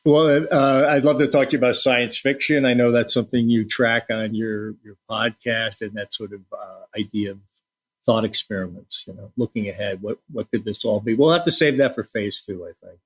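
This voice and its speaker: A man's voice: fairly low pitch, normal speed, breathy edge. A man hosting a podcast interview in a friendly, hesitant way. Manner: friendly, hesitant, with many fillers. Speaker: podcast host. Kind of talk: casual interview.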